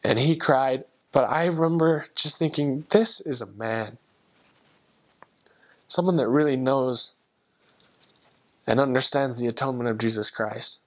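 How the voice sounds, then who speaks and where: Young man, returned missionary, mid-pitched, earnest and emotional, halting restarts, personal testimony telling. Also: fairly even intonation, fairly bright tone.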